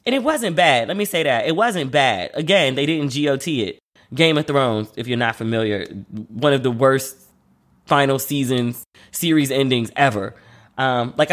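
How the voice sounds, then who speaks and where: A man at a middle pitch hosting a casual solo podcast. He talks in a loose, slangy way and slips into quick voices whenever he quotes somebody. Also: fairly bright tone. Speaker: podcast host.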